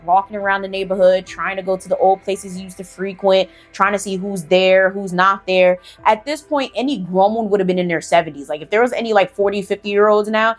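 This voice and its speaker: A woman's voice: mid-range voice, steady tone, a little fast, few pauses, faint music behind. Chatty, profane woman storyteller. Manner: chatty, profane, lots of fillers like "like" and "okay?". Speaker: storyteller, channel host. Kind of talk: casual storytime narration.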